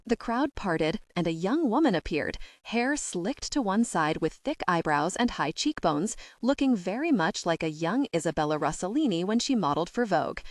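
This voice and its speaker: A woman's voice: lowish voice, very animated, normal speed, hardly any pauses, dry recording. A woman narrating an audiobook with a wry storytelling manner, close to the mic. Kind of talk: scripted narration.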